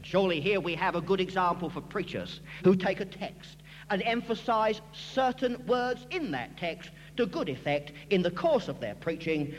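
A man with a very high, lively voice preaches emphatically, swooping up and down as he presses each point home. His words ring out with a long reverb through a large hall. A faint hum sits underneath. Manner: emphatic, rising and falling delivery. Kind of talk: expository sermon.

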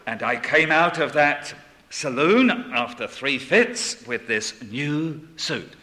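An older man preaching a sermon, dropping to a hush and then rising to loud proclamation. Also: a little high, expressive, slow pace. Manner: swings between hushed and loud proclaiming.

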